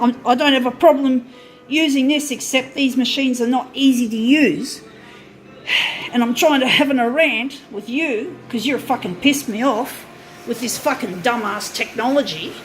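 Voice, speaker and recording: A woman's voice: high voice, a little slow, faint music behind. A woman ranting and swearing angrily while she films a product demo on her phone, half-laughing at times. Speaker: vlogger.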